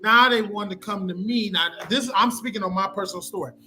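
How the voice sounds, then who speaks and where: A man's voice: sits high, brisk, bright, forceful tone. A man co-hosting a podcast, making emphatic, preachy points in casual debate and repeating them for effect. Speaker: podcast co-host.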